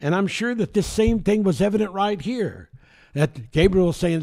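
A man delivers a sermon in a gravelly, mellow voice, reading scripture and then unpacking it. He talks slowly and deliberately, pausing and restarting, his pitch rising and falling widely as he leans into key words. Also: animated. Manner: reads scripture aloud and explains it, halting restarts, dramatic slowing on key words. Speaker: preacher.

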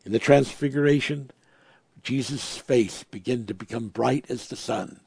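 A man preaching a sermon, moving between hushed, reverent asides and emphatic, raised passages as he quotes and explains scripture. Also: mid-range voice, unhurried, vocal fry, slightly rough, dry recording.

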